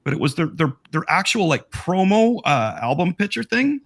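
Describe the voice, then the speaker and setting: A man in casual chat over a video call, his voice going a bit hoarse, rambling excitedly as he shows off his collection. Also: sits high, moderate pace. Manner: excited, rambling, self-interrupting. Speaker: collector showing memorabilia.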